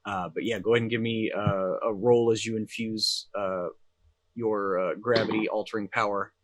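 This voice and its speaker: A man's voice: lowish voice, fairly even intonation, normal speed, no echo. Casual man running a tabletop game. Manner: casual, many fillers and restarts. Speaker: game master.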